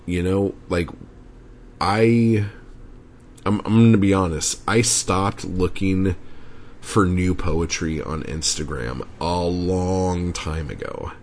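A man's voice: sits low, takes it slowly, a little hiss or hum. A man hosting a podcast, ranting casually and rambling with lots of swearing and filler words. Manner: profane, rambling, frequent "like" fillers. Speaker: podcast host. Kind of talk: casual solo podcast rant.

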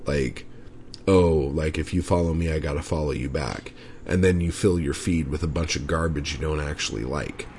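With a creaky bass voice and slight background noise, a male podcast host rambles through a casual solo rant. He swears a lot and leans heavily on filler words, especially "like."

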